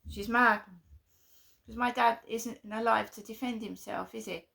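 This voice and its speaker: A woman's voice: fairly high pitch, fairly even intonation, moderate pace, vocal fry. A woman venting emphatically in a vlog, repeating her points in an aggrieved way. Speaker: vlogger.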